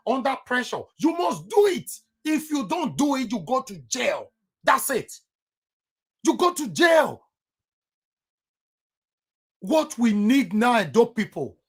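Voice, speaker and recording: A man's voice: high-pitched, slightly rough. A man with a Nigerian accent giving heated political commentary on his vlog, emphatic and repeating himself for stress.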